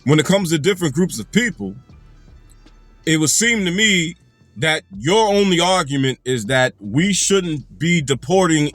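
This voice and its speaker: A man's voice: on the high side, a bit bright, no echo. Angry, profane ranting man. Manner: angry, emphatic, heavy profanity, repeats phrases for emphasis. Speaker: commentary channel host.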